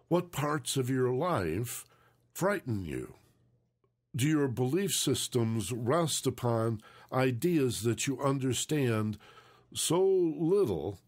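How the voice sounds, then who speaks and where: Slow, reflective male talk-show host. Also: medium pitch. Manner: slow, thoughtful, leans on phrases for emphasis.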